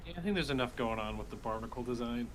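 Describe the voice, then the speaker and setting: A man's voice: medium pitch, fast, slight background noise. Easygoing man, mid-range voice, friendly design feedback. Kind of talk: casual chat.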